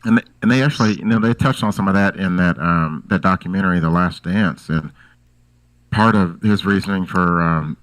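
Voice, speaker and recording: A relaxed man in a casual chat, chuckling as he talks. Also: deep voice, normal speed, no echo, poor audio.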